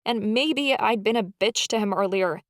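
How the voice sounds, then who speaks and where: A woman narrates a story in first person with feeling and expression. She sits at a middle pitch, and the close studio sound is dry with no room. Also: moderate pace, dry recording. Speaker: audiobook narrator.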